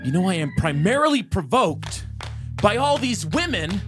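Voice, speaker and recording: A man's voice: sits high, sing-song, moderate pace, music in the background, pitched above the performer's own voice. A man voicing a self-righteous male preacher, scolding women in a mocking, exaggerated preachy way.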